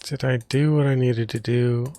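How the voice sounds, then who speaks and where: A man's voice: mid-range voice, steady tone, moderate pace, mellow, dry recording, soft background music. A man giving wry, hesitant commentary as he plays a retro adventure game. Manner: dry, wry, hesitant with many ums. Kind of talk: casual let's play commentary.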